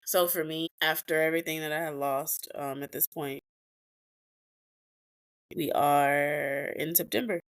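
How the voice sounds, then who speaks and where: Blunt, profane woman podcaster, low voice. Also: fairly even intonation, unhurried, long pauses. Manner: blunt, profane, emotional, emphatic repetitions. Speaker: podcast host. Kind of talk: candid personal storytelling.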